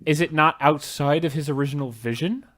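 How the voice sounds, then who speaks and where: A man co-hosting a casual podcast over a voice call, arguing in an animated way and stammering when he gets excited. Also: on the high side, a little fast. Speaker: podcast host. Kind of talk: casual chat.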